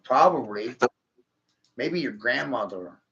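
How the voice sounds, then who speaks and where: Man, rambling profane vlogger with a fry in the voice, dull lo-fi audio. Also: medium pitch, expressive, slow pace, fairly bright tone. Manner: profane, taunting, laughs at own jokes. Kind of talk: rambling vlog monologue.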